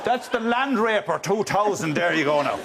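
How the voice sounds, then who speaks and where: A man putting on a gruff, swearing farmer marveling at a machine. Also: high voice, animated, moderate pace, crowd noise, noisy background, pitched above the performer's own voice. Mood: awed. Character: awestruck male Irish farmer at a show.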